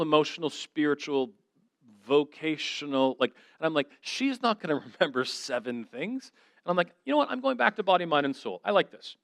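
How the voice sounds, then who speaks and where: A man giving a church talk, telling stories in an animated, self-deprecating way and acting out the conversations. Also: medium pitch, no echo. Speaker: guest speaker.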